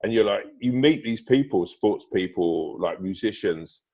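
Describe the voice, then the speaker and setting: A man's voice: lowish voice, lively intonation, measured pace, darkish tone, slightly rough. A man chatting casually as a podcast guest, full of fillers and swearing, on a remote call that drops out. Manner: swears freely, many fillers and restarts; bursts into laughter telling stories.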